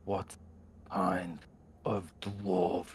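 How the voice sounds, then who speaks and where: Grog, a man playing a gruff blunt brute. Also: deep voice, little pitch movement, drawn-out words, pitched below the performer's own voice, exaggerated voice. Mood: menacing. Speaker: player.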